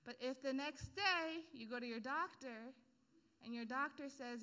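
A woman preaching in a relaxed, joking way, leaning on everyday analogies and casual slang. Her voice is high and bright, and her delivery is conversational rather than formal. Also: normal speed. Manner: casual, humorous, full of analogies. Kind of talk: sermon.

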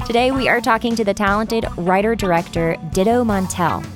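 A woman co-hosting a podcast, chatting in a relaxed way and telling casual stories. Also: medium pitch, fairly quick, music in the background. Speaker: podcast co-host. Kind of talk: casual interview chat.

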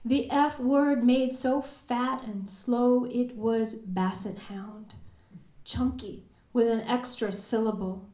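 A woman from recites her poetry at a very unhurried pace. She lingers on each word, and her voice sits slightly high. The recording rings with the echo of the room. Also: steady tone, warm tone. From Kentucky. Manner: measured, deliberate, lingering on words. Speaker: poet. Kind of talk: spoken word poetry performance. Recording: echoey room.

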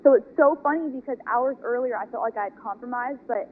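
A woman's voice: fairly high pitch, a little fast. Woman telling a faith story over a tinny line. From California. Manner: lively, earnest storytelling that acts out dialogue. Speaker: woman sharing a faith testimony. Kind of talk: personal faith testimony storytelling. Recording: tinny phone-like audio with faint noise.

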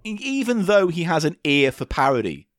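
Sardonic man, very animated pitch. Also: moderate pace, no room sound, studio quality. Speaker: podcast co-host. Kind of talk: casual chat.

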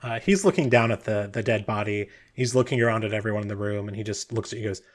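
A man's voice: on the low side, fast, few pauses. Man rambling as game master. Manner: rambling, with frequent fillers. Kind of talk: narrating a tabletop game.

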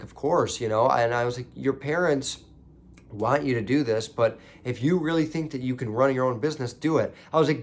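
A young man telling a story as a podcast host, casual and profane, rising into indignant ranting. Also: fairly high pitch.

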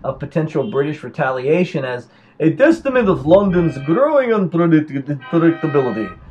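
Male podcast host, fairly high voice, sardonic rambling news commentary. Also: very animated, moderate pace, darkish tone, muffled recording, soft background music. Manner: rambling, sardonic, stumbling over words. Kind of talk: casual chat and news commentary.

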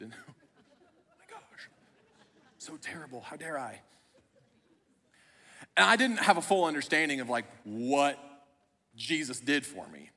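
A man's voice: mid-range voice, expressive, moderate pace, pauses often, bright, forceful tone. A young man, a pastor, telling a personal story in a sermon with a conversational, self-deprecating humor. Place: church auditorium. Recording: long hall reverb.

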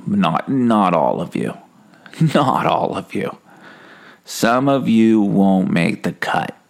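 Low gravelly deadpan man. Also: slow pace. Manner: deadpan, rambling with self-corrections; escalates mundane stories into dark punchlines. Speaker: comedy podcast host. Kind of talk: absurdist comic monologue.

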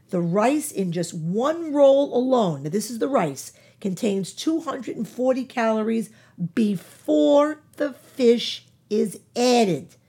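Woman, husky, mellow and low, emphatic nutrition talk, lots of fillers. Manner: emphatic, repeats key words, many fillers. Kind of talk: informal health talk.

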